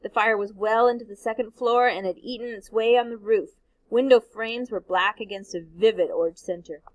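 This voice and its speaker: A woman, a teacher, reading a novel aloud in a steady, expressive way. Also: a little high, moderate pace, no room sound, highs cut off.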